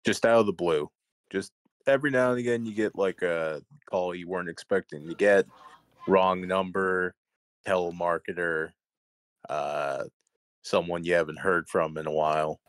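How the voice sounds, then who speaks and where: A man hosting a casual podcast chat, relaxed and quick to laugh. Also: low-pitched, no echo. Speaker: podcast host.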